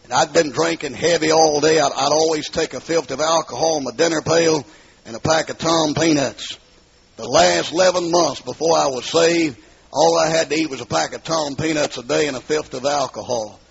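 Gravelly man preaching a testimony. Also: a little high, moderate pace, crowd noise. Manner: emphatic storytelling, rising to shouts. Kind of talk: testimony sermon. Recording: dull lo-fi recording.

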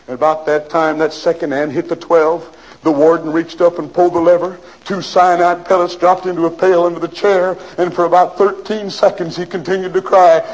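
Male preacher, fairly high voice, dramatic sermon storyteller. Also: flat delivery, normal speed, rough recording. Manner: dramatic storytelling, urgent appeals.

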